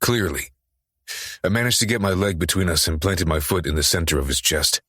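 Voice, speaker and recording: A man's voice: low voice, lively intonation, brisk, fairly bright tone, breathy edge, no room sound, studio quality. A man narrating an audiobook in the first person, with an intense, urgent, profane delivery.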